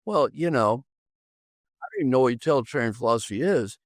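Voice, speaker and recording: A man's voice: medium pitch, expressive, quick pace, no room sound, clean studio sound. An older man, an executive coach on a podcast, talking emphatically and repeating phrases for effect. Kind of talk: animated conversational storytelling.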